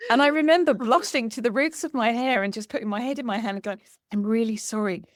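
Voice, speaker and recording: A woman hosting a conversation, telling a lively anecdote and acting out the dialogue as she goes. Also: a little high, fast, no echo, clean studio sound. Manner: animated, acts out quoted dialogue with laughter. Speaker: podcast host. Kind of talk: storytelling in conversation.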